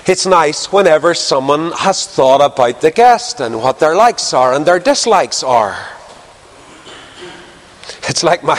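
A man preaching a sermon, lively and conversational, jumping up in pitch to stress a point. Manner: animated, jumps in pitch for emphasis. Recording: long hall reverb.

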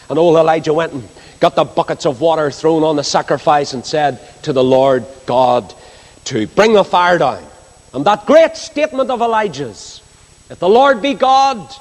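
A male preacher with a fairly high voice, reading scripture and swinging widely in pitch for emphasis. He breaks off into asides to the congregation. His voice carries a long reverb, as in a large hall. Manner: expressive, rising and falling emphasis, asides to the congregation.

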